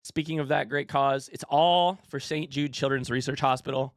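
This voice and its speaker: A young man streaming live, hyping up a charity event with excitable announcer energy and then chatting casually with viewers while out of breath. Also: medium pitch, no room sound, clean studio sound. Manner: excitable, hyped announcer delivery that shifts to quick casual asides.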